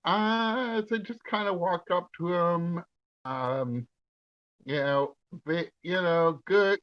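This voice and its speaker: A man taking part as a player in a tabletop game, playful and lively. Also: sits high, takes it slowly. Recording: dull lo-fi sound.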